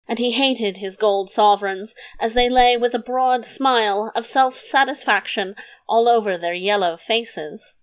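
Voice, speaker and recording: A woman reads a fairy-tale chapter aloud at an unhurried pace. Her voice sits a little high and stays gentle and even through the narration. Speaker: audiobook narrator. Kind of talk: storybook narration.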